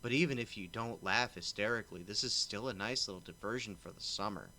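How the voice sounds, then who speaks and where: A man's voice: on the low side, fast, sharp tone. A man hosting a drinking-game stream, teasing his co-hosts and reading movie reviews aloud. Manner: laughs often, teasing, exclaims. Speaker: stream host.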